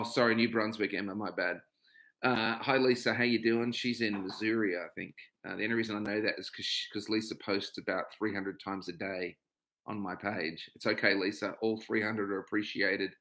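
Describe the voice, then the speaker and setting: Middle-aged guy on a livestream, bright forward voice, chatty, saying hi to everyone. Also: medium pitch. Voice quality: informal, chatty, warm greetings by name. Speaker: singer hosting a livestream. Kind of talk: casual livestream chat greeting viewers.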